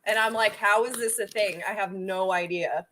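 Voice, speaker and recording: A woman hosting a casual livestream, chatting in a bubbly, excitable way that swings from loud bursts to soft asides. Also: mid-range voice, moderate pace, a little hiss or hum. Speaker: livestream host.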